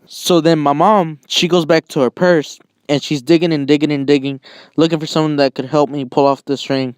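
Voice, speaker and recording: Young man, casual storytelling vlog, smooth clear voice, dry close sound, self-mocking and jokey. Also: a little high, moderate pace, dry recording. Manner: animated, jokey, self-mocking, cries out when quoting himself. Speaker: channel host.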